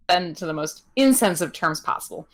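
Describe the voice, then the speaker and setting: A young woman co-hosting a podcast, recapping wrestling in casual chat with lots of ums and giggles. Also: lowish voice. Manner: chatty with many ums, giggles, animated voices in quotes. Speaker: podcast co-host.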